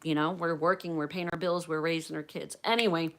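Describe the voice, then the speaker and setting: Woman, livestream host, chatty storyteller, slightly low voice. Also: brisk. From Pennsylvania, US. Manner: chatty, animated storytelling with acted-out quotes.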